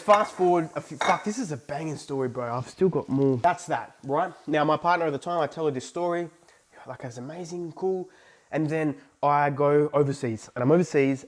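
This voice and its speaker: An excitable young man talking straight to camera, cursing freely as he tells a personal story. His voice sits a bit high for a man, and he lurches between shouted disbelief and low, near-whispered asides. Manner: profane, excitable, swings between loud outbursts and hushed asides. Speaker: vlogger.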